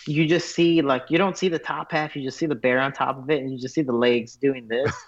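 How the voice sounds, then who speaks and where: A man, a fighter guest, telling stories in a casual interview, animated and full of fillers. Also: mid-range voice, brisk. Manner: animated storyteller, many fillers like "like". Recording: dull lo-fi audio.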